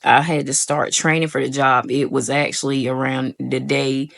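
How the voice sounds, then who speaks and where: Young woman with a gravelly drawl. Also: extremely low pitch, normal speed. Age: young adult. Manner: animated retelling, acts out her own quoted voice; addresses viewers as y'all. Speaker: vlogger. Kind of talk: casual storytelling to camera.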